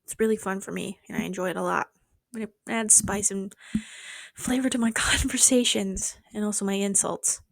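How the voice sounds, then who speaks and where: A young woman in her twenties chatting casually and fast, rambling with sarcastic, sweary asides, speaking into a mic held close to her mouth. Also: mid-range voice, fairly even intonation, creaky, dry recording. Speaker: vlogger. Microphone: close mic held near the mouth.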